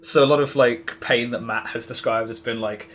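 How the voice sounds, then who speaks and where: A man's voice: medium pitch, steady tone, normal speed, a bit bright. A man as a podcast guest, explaining in a rambling way with many restarts. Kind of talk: casual podcast conversation.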